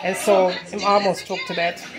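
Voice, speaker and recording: A woman's voice: mid-range voice, level tone, normal speed. A tired woman hosting a casual cooking vlog in her home kitchen, chatting to viewers as y'all while filming on her phone. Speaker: cooking channel host.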